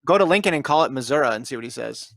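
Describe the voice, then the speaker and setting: A man's voice: mid-range voice, expressive, rapid-fire, creaky, fairly bright tone, dry recording. A man from Nevada co-hosts a podcast with a mid-range voice, teasing and insistently pressing his point. He talks in easy, casual banter. The sound is dry and close-miked. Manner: teasing, insistent, laughs often. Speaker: podcast co-host and commentator.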